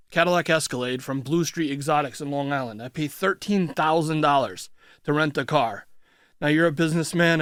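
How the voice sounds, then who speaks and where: A man with a fairly high voice, a guest in a radio studio. He tells his story bluntly in short, punchy bursts and swears freely. The sound is dry and close, with no room echo. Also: fairly bright tone, smooth. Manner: blunt, swears freely, retells events in quick clipped phrases. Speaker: interview guest. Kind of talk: casual storytelling. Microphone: studio microphone.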